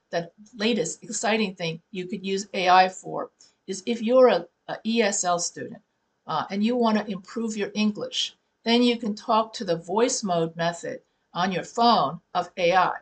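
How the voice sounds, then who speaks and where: Woman prof chatting about writing, casual teaching voice, fixes herself midway. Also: medium pitch. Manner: conversational, restarts and self-corrections. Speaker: writing professor. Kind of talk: classroom teaching talk.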